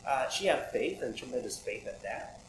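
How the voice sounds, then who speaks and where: A man's voice: medium pitch, big pitch swings, moderate pace. A man preaching a sermon in a conversational way, asking many rhetorical questions. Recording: echoey room with audible background noise.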